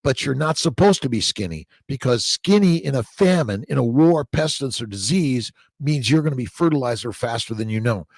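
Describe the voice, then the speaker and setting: A man hosting a livestream reads comments and greets viewers, upbeat and rambling, with repeated catchphrases and restarted words. His medium-pitched voice is animated and darkish, a little fast with few pauses. The audio is clean studio sound without echo.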